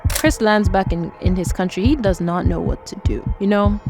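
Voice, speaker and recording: A woman's voice: medium pitch, normal speed, over music. A woman narrating a true-life story in a casual, conversational way, talking straight to listeners. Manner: animated, conversational, addresses listeners directly.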